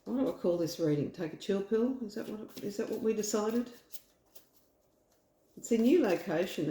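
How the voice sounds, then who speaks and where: A woman's voice: lowish voice, dark tone, roomy sound. A woman with an Australian accent giving a casual, reassuring tarot reading from home, rambling with fillers. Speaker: tarot reader. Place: home room.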